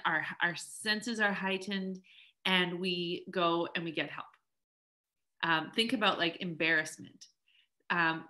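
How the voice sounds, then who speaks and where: Middle-aged woman running a coaching webinar, bright crisp voice, chatty and upbeat, lots of um and like. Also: on the low side. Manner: chatty, upbeat, many fillers and little acted quotes. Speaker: life coach leading a webinar. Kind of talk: casual teaching talk.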